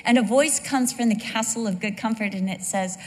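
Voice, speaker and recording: An animated woman preacher delivering a sermon, mixing scripture with jokes. Her voice sits fairly high, and a long reverb trails each phrase as if in a large hall. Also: fairly quick. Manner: animated, joking.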